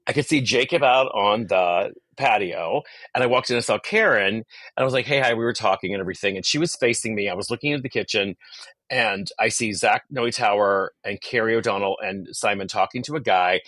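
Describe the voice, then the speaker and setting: A male comedian guest telling a gossipy story on a podcast, animated and quick to leap up in pitch when quoting others. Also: dry recording.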